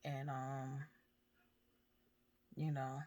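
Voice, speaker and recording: A woman's voice: rumbling low, monotone, very slow, dark tone. Candid, swearing woman talking about grief. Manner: candid, swears freely, laughs through hard topics. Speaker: mother and vlogger. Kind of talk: casual personal talk about grief.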